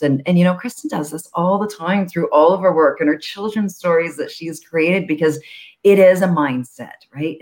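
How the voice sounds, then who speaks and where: A nonprofit founder guesting on a live show, telling stories in a chatty, animated way with lots of fillers. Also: medium pitch.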